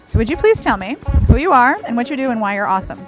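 A woman's voice: on the high side, sing-song, fast talker, over loud music. A woman interviewing a guest outdoors with a handheld recorder, asking teasing, encouraging questions. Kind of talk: casual interview chat. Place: outdoors at a windy festival area. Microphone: handheld digital recorder.

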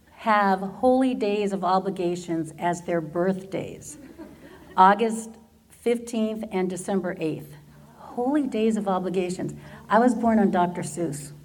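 A woman's voice: lowish voice, darkish tone, slight background noise. Testimony speaker: American woman, 50s, funny, laughs through her stories. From Southern California, USA. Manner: humorous storyteller who laughs often through her stories. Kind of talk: personal faith testimony.

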